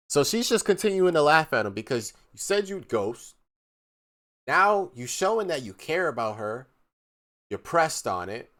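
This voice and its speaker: Man, streamer, casual reaction commentary, mocking, animated, desk mic. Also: mid-range voice, unhurried. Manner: animated, mocking, reads messages aloud in a flat voice.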